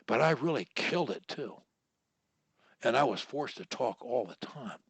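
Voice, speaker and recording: Slow, deliberate male speech coach. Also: mid-range voice, lively intonation, vocal fry, husky, no room sound. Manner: deliberate, instructive, draws words out. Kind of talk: one-on-one coaching on a video call. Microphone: video call.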